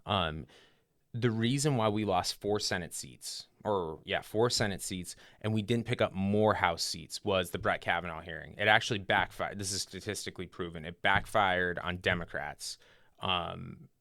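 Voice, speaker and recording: A man co-hosting a podcast, chatting casually about politics in a rambling, animated way with many fillers and restarts. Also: sits low, moderate pace, no room sound, clean studio sound. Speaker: podcast co-host.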